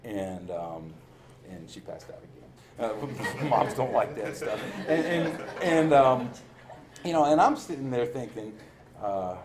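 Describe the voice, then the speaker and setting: A crowd can be heard behind a man whose medium-pitched voice is animated and a little slow. He shares his recovery story candidly, often laughing and mocking himself.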